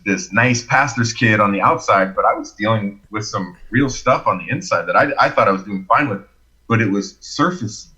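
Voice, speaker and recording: A man telling his personal story as a podcast guest, expressive and animated, acting out the quotes. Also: low voice, slightly rough, dull audio.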